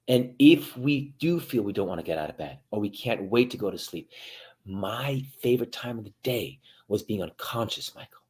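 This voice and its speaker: A military veteran guest giving motivational interview talk, addressing listeners directly and swinging from hushed to loud. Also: male voice, mid-range voice.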